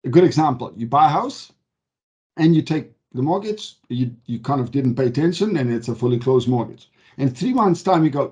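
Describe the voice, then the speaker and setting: A man's voice: medium pitch, expressive, moderate pace, darkish tone. A man working as a mortgage advisor, explaining loans in a conversational way and often checking in with "okay?". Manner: emphatic, stresses key words. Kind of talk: explanatory talk to camera.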